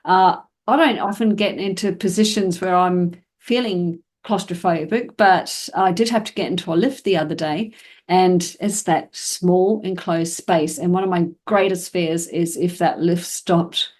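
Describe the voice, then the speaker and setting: Lady dog trainer chatting on her podcast, lowish voice, lots of ums, acts out little scenes. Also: measured pace, a little mellow. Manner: conversational, frequent fillers, acts out scenarios. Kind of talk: casual podcast explanation.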